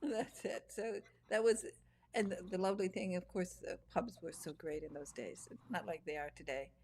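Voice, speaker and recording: A woman's voice: on the low side, moderate pace, creaky, darkish tone. A woman hosting an interview, chatting casually and laughing through rambling anecdotes. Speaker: podcast host.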